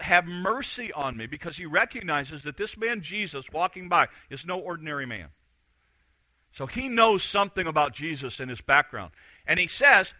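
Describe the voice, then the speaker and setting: A man preaching a sermon, telling a story with animated delivery and acting out the voices of the people in it. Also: a little high, no echo, poor audio. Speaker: pastor.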